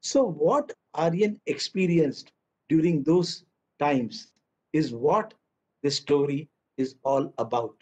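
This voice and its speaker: A man in his fifties with an Indian English accent, a children's author giving a jokey, animated storytelling talk. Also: on the high side, slow pace. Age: 50s. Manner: animated, jokey, acts out dialogues and voices. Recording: dull lo-fi online talk audio.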